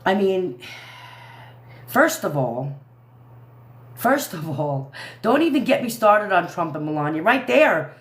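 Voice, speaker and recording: A woman's voice: on the low side, big pitch swings, slow, long pauses, roomy sound. A woman hosting a livestream who rants angrily with heavy swearing and keeps trailing off and restarting. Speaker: livestream host. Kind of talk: angry live commentary.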